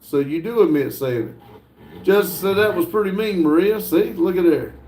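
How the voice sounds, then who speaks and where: A man hosting a casual livestream, reading viewer messages aloud in an unhurried way, with frequent fillers and chuckles. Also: sits high, a little mellow, echoey room, slight background noise. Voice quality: laid-back, chuckles often between messages. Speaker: livestream host.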